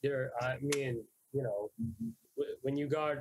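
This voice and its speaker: A man's voice: mid-range voice, fairly even intonation, a little mellow, no room sound, rough recording. A man trading jokes in casual comedy podcast banter, teasing his co-host and chasing punchlines. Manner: teasing, chases punchlines with quick jabs.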